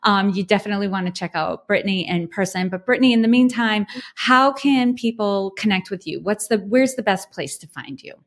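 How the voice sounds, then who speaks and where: A woman's voice: medium pitch, brisk, few pauses. A woman hosting an interview podcast, upbeat and effusive in her praise. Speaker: podcast host.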